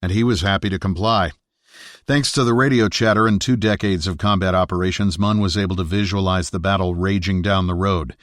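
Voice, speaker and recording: A man narrating an audiobook thriller in a steady, measured reading on a close studio mic. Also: low-pitched, no room sound. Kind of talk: scripted narration.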